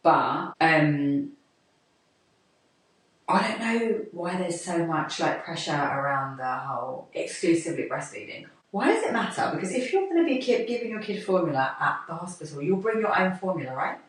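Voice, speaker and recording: A woman chatting and joking as a podcast co-host. Her voice sits fairly low for a woman. It is heard from a distance, with heavy room echo. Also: big pitch swings, moderate pace. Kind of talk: casual chat. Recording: echoey room, mic far off.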